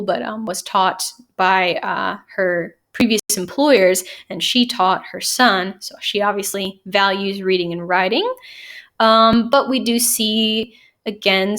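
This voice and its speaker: A woman teacher explaining and summarizing novel chapters in a conversational way. She enunciates clearly and leans on frequent "um" and "you know" fillers. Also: medium pitch, a bit bright. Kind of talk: casual classroom lecture and chapter summary.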